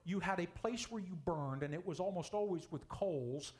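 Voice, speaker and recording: Male pastor, fairly high voice, preaching with big swings in pitch and volume. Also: moderate pace, darkish tone. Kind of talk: sermon.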